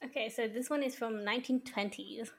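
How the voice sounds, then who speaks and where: A young woman co-hosting a podcast, speaking in a soft, tentative way. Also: fairly high pitch, a little fast, creaky, husky. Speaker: podcast co-host. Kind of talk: casual podcast chat.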